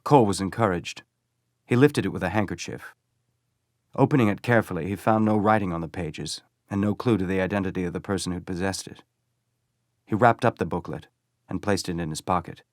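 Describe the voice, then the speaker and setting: A man reading an audiobook in a low, steady voice. The narration is even and unhurried. The sound is dry and close, with no room around it. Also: no echo.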